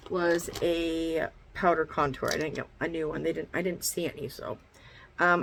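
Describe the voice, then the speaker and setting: A beauty vlogger sits in her bedroom for a casual get-ready-with-me talk, bluntly narrating her makeup steps and swearing freely. Her voice is lowish, and the low-quality recording carries a little hiss or hum.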